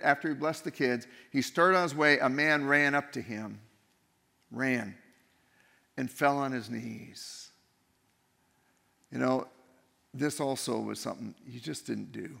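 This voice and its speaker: Male preacher, sermon, gravelly, slightly high voice, long hall reverb. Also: a bit bright. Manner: conversational preaching with restarts and rhetorical questions. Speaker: pastor.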